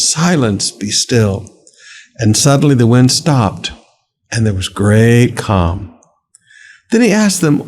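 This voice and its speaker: A man's voice: mid-range voice, darkish tone. A male pastor delivers a daily devotional with a mid-range voice. He preaches conversationally, calling his listeners beloved, and leans into key words with rising dramatic emphasis. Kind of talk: devotional sermon.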